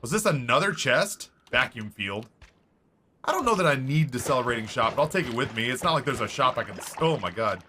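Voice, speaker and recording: Brief: chatty male game streamer, bright voice, meandering anecdotes. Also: medium pitch, brisk, soft background music. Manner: rambling, animated storytelling with many fillers. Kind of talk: casual chat while streaming a game.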